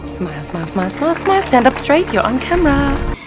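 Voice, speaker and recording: An actress playing a flamboyant, fussy escort from a rich capital, theatrical and bossy in a film. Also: female voice, sits high, sing-song, brisk, over music. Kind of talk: film acting.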